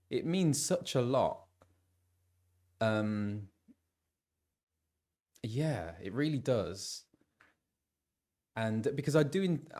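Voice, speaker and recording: A man's voice: mid-range voice, warm tone. A man who voices game characters, chatting casually with his live-stream viewers and reading out where they are from. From England.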